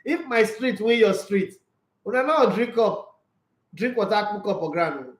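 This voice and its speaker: A Nigerian man with a high voice chats about sports on his own livestream. He is animated and laughs often, slipping between Pidgin and English. The sound is echoey, as if he is in a bare room. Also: measured pace. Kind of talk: casual sports chat.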